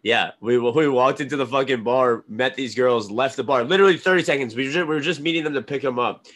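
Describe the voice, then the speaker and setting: A man's voice: medium pitch, fast talker, fairly bright tone. Laid-back man telling a story. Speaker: podcast host. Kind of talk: casual chat.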